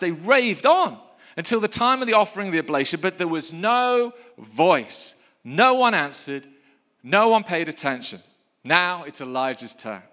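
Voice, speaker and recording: A male preacher reading scripture and preaching in a lively, playful way that builds to rousing calls of praise, recorded in a church hall. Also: a little high. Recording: long hall reverb.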